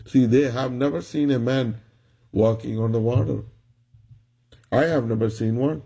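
A man preaching a sermon, retelling a story in a slow, halting way with many restarts. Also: mid-range voice, gravelly, warm tone, slightly rough.

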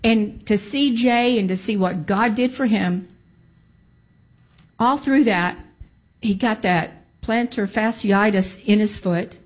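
Addressing a congregation, a church speaker gives her testimony slowly at a medium pitch. She speaks emphatically, repeating phrases for stress.

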